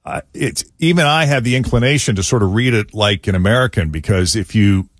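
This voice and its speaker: A man's voice: on the low side, a little fast, no room sound, studio quality. A man hosting a radio show, explaining things in an easygoing, chatty way. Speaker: radio host. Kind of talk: casual studio chat. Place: radio studio.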